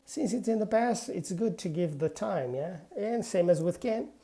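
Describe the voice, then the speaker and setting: A woman's voice: medium pitch, animated, moderate pace, hardly any pauses, mellow. A woman English teacher giving a spoken grammar lesson, modelling example sentences aloud and often saying "yeah".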